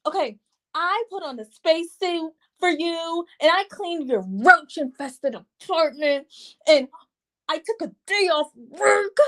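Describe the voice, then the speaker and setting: A woman's voice: high-pitched, animated, measured pace, voice pushed up. A woman quoting an indignant young wife from a reality show, defensive and repeating herself.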